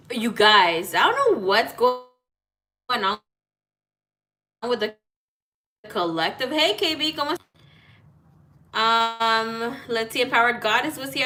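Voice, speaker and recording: A woman's voice: a little high, sharp tone. A woman talking casually to live viewers as a tarot reader, greeting people by name, cursing freely and slipping in Spanish greetings. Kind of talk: casual live-stream chat. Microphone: phone.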